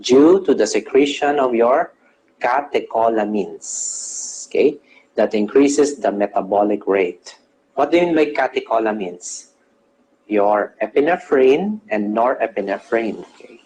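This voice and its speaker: A nursing lecturer teaches his class in a medium-pitched, slightly mellow voice with lively intonation at a moderate pace, caught on a rough recording with a little hiss or hum. He quizzes students, answers his own questions, and explains English terms, checking in with "okay?" after nearly every phrase.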